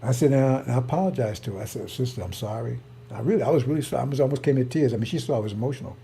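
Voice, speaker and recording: Gravelly dark-voiced guy ranting, faint hum behind. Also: medium pitch, rapid-fire. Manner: heated, repetitive, emphatic storytelling. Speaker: online preacher. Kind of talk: rambling personal monologue.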